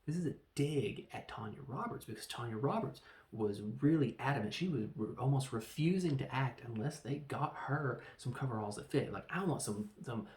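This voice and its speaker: A man reviewing a film in a casual, rambling way, telling the story with animated, acted-out quotes. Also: medium pitch, normal speed, few pauses. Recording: echoey room.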